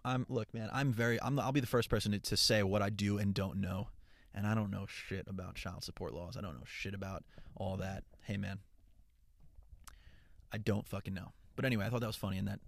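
A young man talking straight to his followers in a loose, rambling way. He swears often, restarts his sentences and sounds upbeat and earnest. His voice is fairly low, and the recording is dry and close. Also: animated, fast, vocal fry, fairly bright tone, no echo. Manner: rambling and profane, with frequent restarts. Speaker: content creator. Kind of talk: casual chat.

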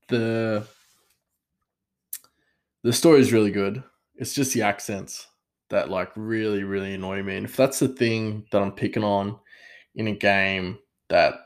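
Low-voiced rambling young gamer guy. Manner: rambling, digressive, self-deprecating. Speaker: gaming vlogger. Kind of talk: casual chat.

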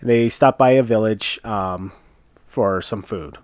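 A man's voice: on the low side, takes it slowly, no echo. A man casually recapping a TV episode, retelling scenes step by step with frequent uhs. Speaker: podcast co-host recapping a TV episode. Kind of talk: casual chat.

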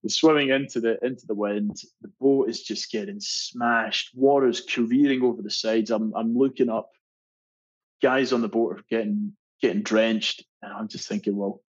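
Scottish swimmer guy chatting on a podcast, breathy voice, laughs a lot, muffled audio. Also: mid-range voice. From Scotland. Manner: animated storyteller, laughs often, many restarts. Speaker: marathon swimmer guest. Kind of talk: casual storytelling interview. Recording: dull lo-fi sound.

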